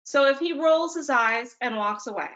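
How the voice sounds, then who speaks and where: A woman's voice: high-pitched, lively intonation, normal speed, a bit bright. Wry woman presenter on a dull-sounding call. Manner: conversational, punctuates points with "okay?"; dry, self-mocking humor. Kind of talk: webinar talk for parents.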